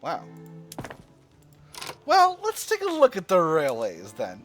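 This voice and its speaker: Lively-pitched man musing over a strategy game. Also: slow pace. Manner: musing, playful asides, sudden high squeals of delight. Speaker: strategy game let's-player. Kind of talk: casual gameplay commentary. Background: game music.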